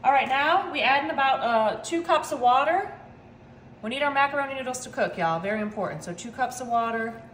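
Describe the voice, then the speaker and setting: A woman's voice: high-pitched, expressive, fairly quick, a bit bright, slight background noise. Chatty woman cooking, echoey kitchen. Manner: chatty, upbeat, says "y'all" constantly. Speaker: home cook. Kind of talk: casual cooking video. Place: home kitchen.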